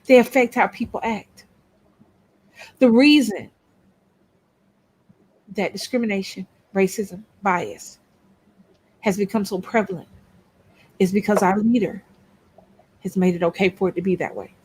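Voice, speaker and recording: A woman's voice: medium pitch, unhurried, pauses often, darkish tone, husky. A woman co-hosting a casual chat show, blunt and outspoken, swearing freely and repeating her points for emphasis. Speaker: co-host of a couples' YouTube channel.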